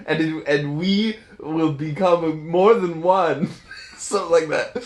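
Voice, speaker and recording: A man's voice: fairly high pitch, steady tone, slow pace, echoey room. A man giving a casual, laughing recap of a movie's plot, slipping into goofy voices for the characters.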